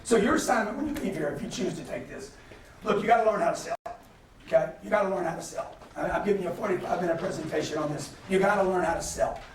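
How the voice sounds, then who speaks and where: A man's voice: high voice, fast talker, slight background noise. A man giving a motivational business lecture to an audience, emphatic and punchy, with laughter from the crowd. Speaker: guest speaker. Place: lecture hall. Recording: roomy hall, mic at a distance, faint ambience.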